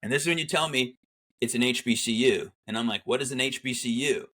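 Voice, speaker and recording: The speaker, a middle-aged Army veteran on as a guest, relates his military story conversationally. His mid-range voice moves at a quick pace, and he animatedly acts out quoted dialogue.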